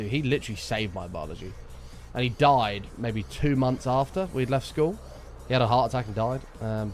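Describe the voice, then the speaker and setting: A man talking over his gameplay in a loose, rambling way, dropping swear words as he goes. His pitch swings up and down a lot, and faint music plays underneath. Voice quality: chatty, rambling, sweary storytelling. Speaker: streamer. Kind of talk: casual gameplay chat.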